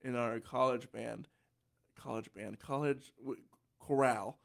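A man's voice: medium pitch, steady tone, measured pace, gravelly. A man with a light tenor voice hosting a podcast, chatting casually, often restarting his sentences and laughing easily. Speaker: podcast host. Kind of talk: casual chat.

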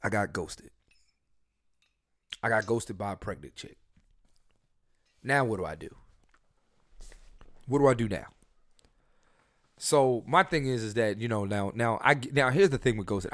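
A man hosting a podcast, telling his dating stories in a casual, profane way and swinging between loud and soft. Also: on the low side, lively intonation, moderate pace, pauses often, no room sound, studio quality. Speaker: podcast host. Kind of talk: casual storytelling chat.

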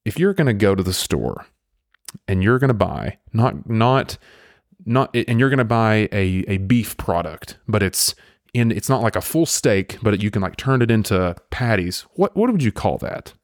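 A man from the American South hosting a podcast, talking in a rambling, animated way with lots of restarts. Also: on the low side, normal speed, no echo, clean studio sound. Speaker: podcast host. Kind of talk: casual podcast chat.

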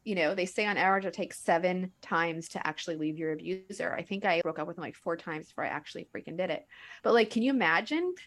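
A woman in her thirties hosting a podcast, telling personal stories in a frank, animated way full of fillers. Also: lowish voice, fast talker. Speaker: podcast host. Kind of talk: candid conversational podcast talk.

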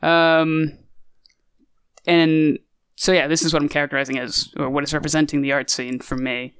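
A man's voice: fairly high pitch, level tone, normal speed, fairly bright tone, clear, resonant tone, dry recording, studio quality. A man casually discussing a movie on a podcast, rambling and hesitant with many fillers. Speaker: podcast co-host.

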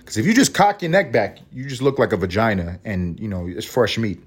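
Husky-voiced man ranting casually. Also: fairly low pitch, lively intonation, a little fast. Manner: profane, rambling, wry asides. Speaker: podcast host. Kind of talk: casual comedic monologue.

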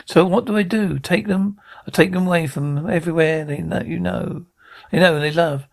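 A man's voice: a little high, fairly even intonation, moderate pace, gravelly. An actor playing a guilt-ridden widowed father who rambles through an anxious, self-reproaching confession. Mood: despairing. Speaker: father of teenagers. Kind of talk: TV drama acting.

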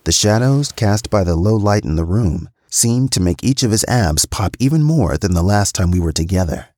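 A man narrating a scripted first-person story in a steady, matter-of-fact reading voice. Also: fairly low pitch, normal speed, no room sound, studio quality. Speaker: podcast storyteller.

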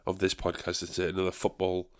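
A man's voice: deep voice, monotone, a little fast, smooth. A young man hosting a podcast, rambling and swearing in casual chat. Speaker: podcast host.

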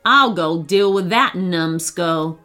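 A woman voicing a bossy, grumpy male crook in a children's storybook, bellowing and snapping in a slow, drawn-out way. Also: fairly low pitch, bright, forceful tone, faint music behind. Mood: gruff.

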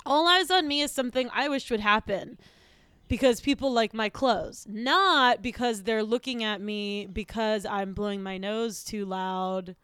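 A woman's voice: on the high side, measured pace, a bit bright, clear, resonant tone, dry recording. A woman playing an awkward teenage girl who hosts a comedy talk podcast, self-conscious and trailing off into asides. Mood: grumbling.

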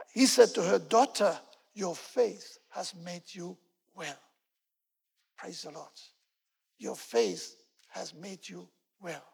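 Male pastor, sermon, gravelly husky voice, earnest storytelling, repeats words for emphasis. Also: high-pitched, big-room sound. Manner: earnest storytelling, fillers like "you know", emphatic repetition.

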